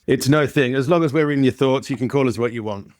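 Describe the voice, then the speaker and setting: A man's voice: mid-range voice, fast, dry recording, clean studio sound. A man in his fifties with an Australian accent, a guest chatting casually in a podcast interview with plenty of fillers. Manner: relaxed, chatty, frequent fillers. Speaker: guest, company founder.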